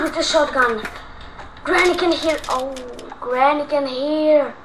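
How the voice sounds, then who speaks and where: Excitable high-voiced woman gaming. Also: slow, slight background noise, rough recording. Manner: excitable, shouts and whispers under stress, talks to viewers. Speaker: gaming YouTuber. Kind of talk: live horror game commentary.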